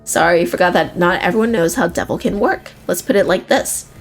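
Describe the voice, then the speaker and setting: A woman's voice: fairly low pitch, brisk, faint music behind. A woman voicing a tiny, smug red male devil in a video game, chatty and self-serving, who complains at length. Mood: complaining.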